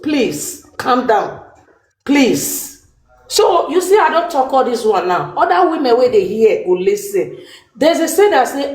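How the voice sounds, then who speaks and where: A woman with a Nigerian Pidgin accent pleads earnestly, speaking like a caring older sister. Her voice sits a little high and rings around an echoey room. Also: darkish tone. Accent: Nigerian Pidgin English. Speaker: guest giving advice. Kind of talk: impassioned advice on a live stream.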